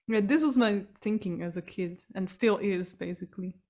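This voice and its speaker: A woman's voice: mid-range voice, unhurried, a little mellow. A woman speaking casually on a podcast in a mid-range voice. She tells her story loosely, peppering it with "like" and acting out what people said. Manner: chatty, frequent "like" fillers, laughs.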